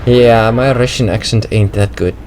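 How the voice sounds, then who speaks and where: A man with a mid-range, darkish voice casually comments on a game replay at a moderate pace, chatty and thinking aloud with lots of "well"s. His throat seems slightly troubled, and the rough recording carries a little hiss or hum.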